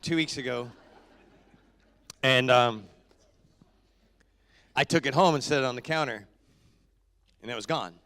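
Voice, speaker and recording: A down-to-earth pastor with a mid-range, fairly bright voice leads a casual welcome for his own congregation in the sanctuary. He jokes and chats in an easy, unhurried manner.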